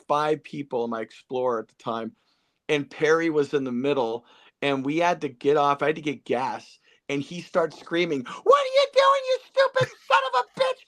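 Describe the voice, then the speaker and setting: Male podcast host, animated storyteller, slightly high voice, addresses listeners. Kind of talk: casual reminiscing interview.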